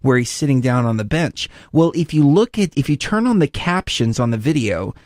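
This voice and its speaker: A man hosting an interview show, chatting casually and telling rambling stories in an animated way. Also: mid-range voice, normal speed, dry recording, studio quality. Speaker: host.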